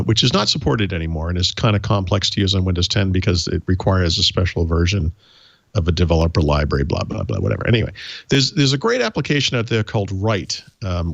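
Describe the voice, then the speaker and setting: A man's voice: sits low, creaky, dry recording, dull audio. A man with a Boston accent, co-hosting a tech podcast in easygoing, wry casual chat with many ums. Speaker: podcast co-host.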